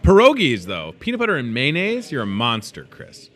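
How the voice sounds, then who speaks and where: A man hosts a store's daily show in a casual, chatty way. His voice is bright and forward, and his pitch swings up and down a lot. He riffs jokingly on food with playful asides. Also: huge pitch swings, moderate pace. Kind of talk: casual chat.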